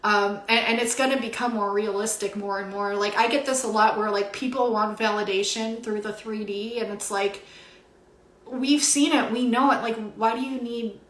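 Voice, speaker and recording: A young woman's voice sits on the high side, steady in tone and moderate in pace, as she does a spiritual card reading over a home livestream. Near tears and deeply moved, she pours out awe with many fillers, and the recording carries a roomy echo.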